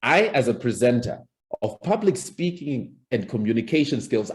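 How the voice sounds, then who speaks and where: A man's voice: mid-range voice, very animated, normal speed. A man teaching presentation skills over a video call, talking conversationally with frequent restarts and acting out example lines. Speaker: public speaking coach. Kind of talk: online presentation skills lesson.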